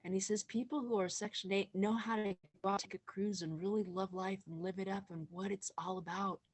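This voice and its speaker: A woman's voice: mid-range voice, steady tone, a little fast. A woman guest on a casual video call, talking enthusiastically about her show.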